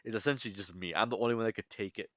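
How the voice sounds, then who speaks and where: A man's voice: on the low side, rapid-fire, dry recording, clean studio sound, lightly acted. A man voicing a boastful male king of the gods, in his own everyday voice.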